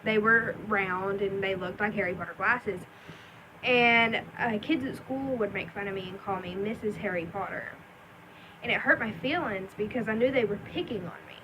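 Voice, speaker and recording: A woman's voice: medium pitch, normal speed. Young woman, rambling vlog story, lots of ums and likes, faint hiss behind. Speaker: vlogger.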